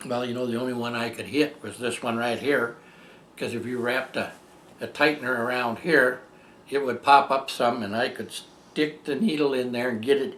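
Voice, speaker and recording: An older man telling a personal story as a testimonial, rambling and halting, with many fillers and restarts. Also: mid-range voice, a bit bright, roomy sound, a little hiss or hum. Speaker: patient giving a testimonial. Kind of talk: storytelling tribute.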